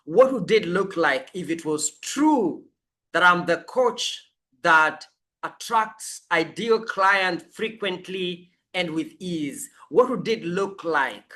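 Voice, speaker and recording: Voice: medium pitch, expressive, takes it slowly, bright, forceful tone. A life coach giving a motivational coaching talk, emphatic and repeating affirmations over and over.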